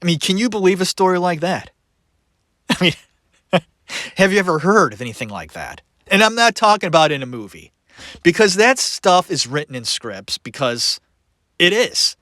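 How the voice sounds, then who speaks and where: A man hosting a solo podcast, talking about actors in an animated, sarcastic way with frequent laughter. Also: high-pitched, moderate pace, pauses often, no room sound, studio quality. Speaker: podcast host.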